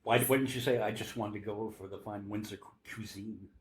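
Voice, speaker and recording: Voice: medium pitch, steady tone, a little fast. A podcast co-host chiming in with teasing jokes and suggestions during casual chat.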